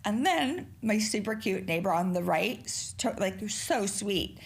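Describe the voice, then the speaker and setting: A woman's voice: medium pitch, steady tone, measured pace. A middle-aged woman hosting a podcast alone, chatting casually in a rambling, profane way. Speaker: podcast host. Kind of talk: casual solo podcast chat.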